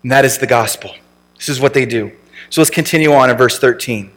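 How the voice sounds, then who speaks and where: A man's voice: mid-range voice, brisk, fairly bright tone. A man preaching a conversational sermon as pastor, often checking in with rhetorical questions. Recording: long reverb from a large room.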